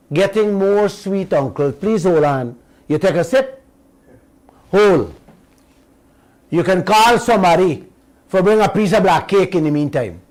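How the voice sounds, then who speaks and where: Slow, emphatic high-voiced man. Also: a little mellow, rough recording. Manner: emphatic, drawn-out words, addresses listeners as uncle and auntie. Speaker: radio show host. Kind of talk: political commentary monologue.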